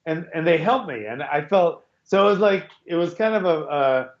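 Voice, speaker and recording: A man's voice: on the high side, lively intonation, normal speed. A middle-aged man hosting a podcast over a video call, telling a rambling story full of restarts. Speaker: podcast host. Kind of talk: casual chat. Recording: echoey, dull call audio.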